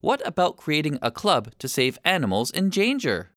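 A man's voice: a little high, very animated, moderate pace, a bit bright, dry recording, clean studio sound. A man voicing an eager, enthusiastic young girl in a storybook reading.

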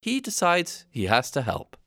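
A man narrating a children's story with an expressive reading. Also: a little high, measured pace, heavy background noise.

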